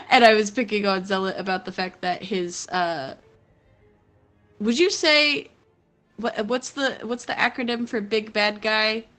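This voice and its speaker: A woman chats casually at a mid pitch. She keeps hesitating and fills her speech with fillers. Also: slow, long pauses, fairly bright tone, faint music behind. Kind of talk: casual chat.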